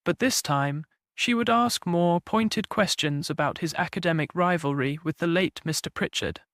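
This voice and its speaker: High-voiced male mystery narrator. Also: moderate pace, fairly bright tone, dry recording, clean studio sound. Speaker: audiobook narrator.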